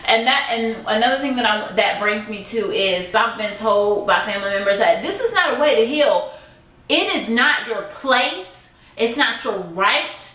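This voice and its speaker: A woman talks straight to the camera in a personal vlog, emphatic and indignant, repeating phrases to drive her point home. Her voice is bright and sits a little high. The room around her is echoey. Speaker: vlogger.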